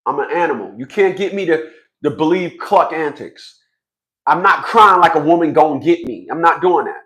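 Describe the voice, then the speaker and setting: Blunt fifty-something man, high voice. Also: lively intonation, moderate pace, fairly bright tone. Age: 50s. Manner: blunt, profane, repetitive stammering restarts. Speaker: fathers' rights commentator. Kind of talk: casual vlog monologue.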